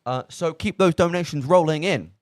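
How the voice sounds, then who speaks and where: A man's voice: on the high side, moderate pace, darkish tone, no echo. A man hosting a live charity radio stream, rambling and self-mocking with lots of fillers, talking into a studio microphone in a small studio. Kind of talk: casual live radio chat.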